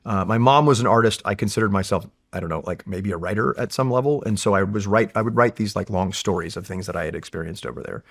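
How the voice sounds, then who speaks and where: A man from California, a Marine veteran, tells war stories in a casual interview with animated, profane energy. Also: on the low side, quick pace, gravelly, hardly any pauses.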